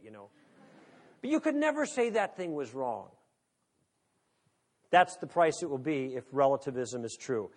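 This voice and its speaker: A man lecturing an audience in a conversational, wry way, leaning on rhetorical questions. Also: on the high side. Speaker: speaker.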